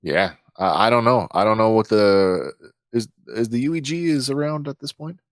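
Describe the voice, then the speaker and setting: A man playing a tabletop game, talking hesitantly with many pauses and restarts. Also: lowish voice, lively intonation, no room sound, studio quality. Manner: hesitant, lots of uhs and restarts. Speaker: player. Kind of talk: tabletop role-play, in character.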